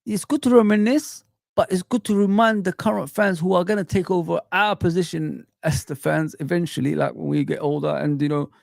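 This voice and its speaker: On his live football stream, a middle-aged man rants passionately to his viewers and chat, leaning on rhetorical questions. His high voice has vocal fry, fairly even intonation, and a fairly quick pace. The recording is dry and studio quality.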